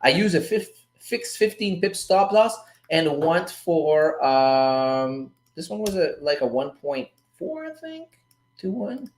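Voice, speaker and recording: A man with a fairly high voice talks loosely to his live-stream viewers about forex trades, casual and a bit profane. The sound is roomy, with a noticeable echo off the walls. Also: slow. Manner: loose, chatty, swears casually, calls the audience "guys" and "dude". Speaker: livestream host teaching forex trading.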